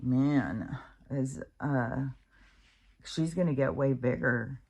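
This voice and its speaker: Speaking slowly in an extremely low voice with a darkish tone and a breathy edge, a middle-aged American vlogger meanders through a casual monologue at home. Her dog is close by, and she often uses fillers and starts over.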